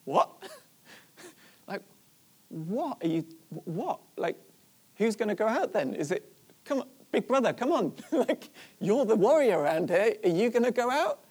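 A preacher voicing an eager, bold young shepherd boy who keeps asking excited questions. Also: mid-range voice, a little slow, pauses often, breathy edge, voice pushed up.

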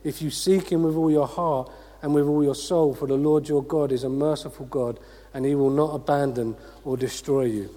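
A man delivering an energetic sermon in a fairly high voice. He preaches with rhetorical questions and calls out to the congregation. His voice rings through a large church hall with a long reverb tail.

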